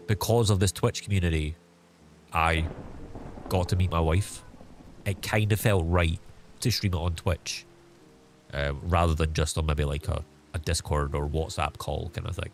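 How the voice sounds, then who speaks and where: A young man chats to his viewers as a streamer, recounting a story in a loose, meandering way. His voice sits a little low, and he leans on "like" and "um" as he goes. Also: slight background noise. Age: young adult. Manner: rambling, full of fillers like "like" and "um". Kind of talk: casual storytelling.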